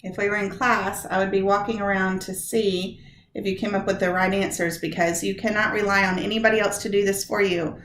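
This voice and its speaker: A woman's voice: mid-range voice, little pitch movement, brisk, a bit bright. A woman teacher giving a recorded poetry lesson, stretching out words and syllables to show where the stress falls. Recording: echoey room.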